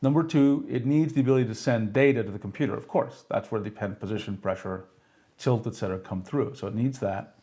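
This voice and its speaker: Fast and dark-toned at a fairly low pitch, this tech streamer walks his live audience through pen displays step by step. He keeps asking "okay?" and "right?", and turns self-deprecating, laughing, when a demo goes wrong.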